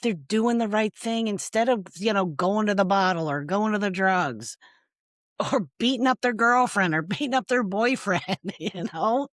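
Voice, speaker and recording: A woman's voice: mid-range voice, animated, normal speed, no echo, clean studio sound. A woman founder speaking as an interview guest, earnest and emotional, often laughing and adding "okay?". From United States.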